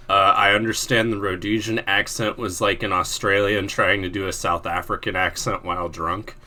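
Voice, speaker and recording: A man's voice: low-pitched, steady tone, moderate pace, sharp tone. A man in casual group voice chat, dry and sardonic. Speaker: gamer in voice chat.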